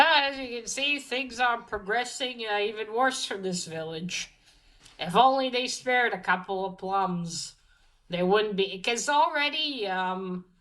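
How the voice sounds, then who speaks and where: A woman's voice: mid-range voice, a bit bright, rough recording. A woman giving a casual, chatty comic book review, talking with many fillers and restarts.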